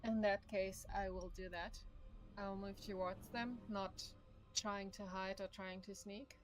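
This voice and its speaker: A woman's voice: mid-range voice, fairly even intonation, measured pace, over music. A woman playing a tabletop game, asking questions and planning her moves aloud in a thoughtful way. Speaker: player.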